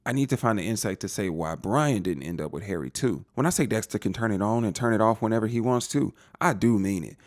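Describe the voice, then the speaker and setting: A man's voice: lowish voice, expressive, fast, few pauses, no echo, clean studio sound. A man giving a casual, slangy spoiler recap of a TV episode, talking straight to the viewer. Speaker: TV show reviewer.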